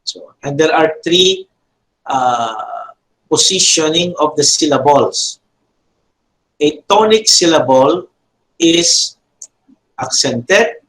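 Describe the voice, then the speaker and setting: A man teaching a Biblical Hebrew grammar lesson. He talks haltingly, with frequent fillers and self-corrections, and repeats key terms for emphasis. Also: on the high side, lively intonation, a bit bright, rough recording. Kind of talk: classroom grammar lecture.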